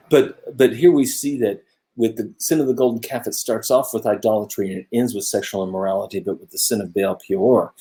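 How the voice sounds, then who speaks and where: A man co-hosting a casual Bible study talk, earnest and musing, growing animated when he makes a point. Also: fairly low pitch. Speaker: co-host of a religious discussion show. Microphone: own camera close by, video stream.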